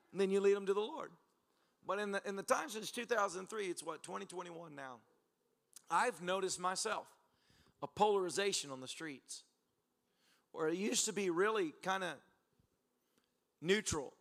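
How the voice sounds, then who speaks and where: A man's voice: high voice, moderate pace, pauses often. A male pastor preaching to a church congregation, telling stories with laughter and acting out conversations. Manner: animated, laughing storyteller who acts out exchanges. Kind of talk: sermon with storytelling. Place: church service.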